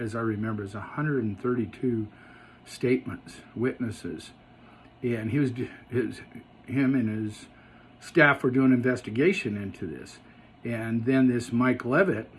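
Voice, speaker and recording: A man talks through a casual vlog update at a middle pitch, stopping and restarting often and leaning hard on key points. A faint hiss of noise sits under his voice. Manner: halting, many fillers and restarts, emphatic at times. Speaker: vlogger giving an update.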